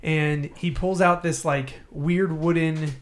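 A man's voice: fairly high pitch, steady tone, takes it slowly. A man telling a long personal story in casual podcast chat, rambling and laughing often.

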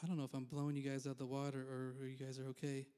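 A man's voice: medium pitch, monotone, racing, dark tone, clean tone. A man preaching a conversational sermon as pastor in a church, candid and self-deprecating, with frequent asides.

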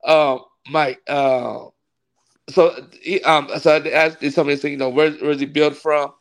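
A man, a pastor, tells a long story in a relaxed interview. His voice sits a little high, and he is animated, often laughing as he acts out the people in his story. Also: measured pace. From California. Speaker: pastor and wrestling ring announcer.

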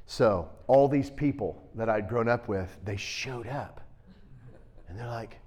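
A man preaching a sermon, shifting between quiet storytelling and loud, emphatic, direct challenges to his listeners. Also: medium pitch, takes it slowly. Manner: intense, direct, challenging delivery.

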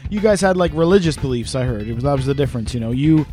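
A man's voice: mid-range voice, lively intonation, racing, warm tone, faint music behind. A man in his thirties co-hosting a podcast in casual banter, crude and sarcastic with a lot of swearing. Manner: crude, sarcastic, profanity-heavy. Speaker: podcast co-host.

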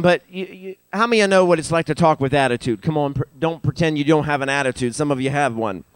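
Older male preacher, animated pulpit delivery, clean resonant tone, close and dry. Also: fast, hardly any pauses, clean tone, no room sound. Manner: animated, rising in pitch and volume for emphasis. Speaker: pastor. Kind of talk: sermon. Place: church sanctuary.

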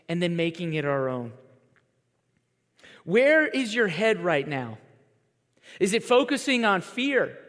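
Animated high-voiced pastor in a reverberant hall. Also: male voice. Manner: conversational, animated storytelling with quoted voices. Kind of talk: sermon. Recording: long reverb of a large hall.

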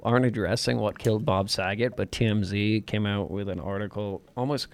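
A man's voice: lowish voice, fairly even intonation, fairly quick. A man co-hosting a talk show, wry and hesitant, with many fillers. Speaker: co-host. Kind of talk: mocking political talk show.

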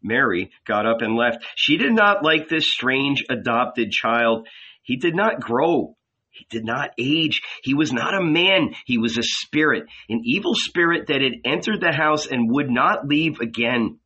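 Casting: deliberate male narrator, bright, husky tone, slow and expressive. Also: mid-range voice, highs cut off. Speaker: audiobook reader. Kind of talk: dramatic literary narration.

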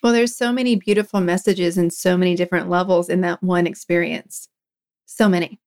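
A woman with a slightly low voice hosts a conversational interview. She sounds engaged and laughs along with her guest. She asks reflective, thoughtful questions. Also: steady tone, fairly quick, darkish tone.

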